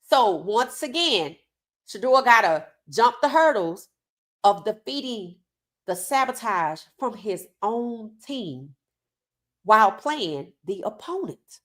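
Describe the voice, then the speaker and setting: A woman's voice: a little high, animated, takes it slowly, fairly bright tone. Outspoken woman sports podcast host. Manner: outspoken, reads chat comments aloud. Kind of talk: casual live-stream commentary.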